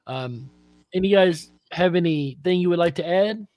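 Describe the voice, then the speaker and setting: A man's voice: high-pitched, normal speed, darkish tone, dry recording. A man hosting a casual panel chat, laid-back and full of fillers. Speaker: host.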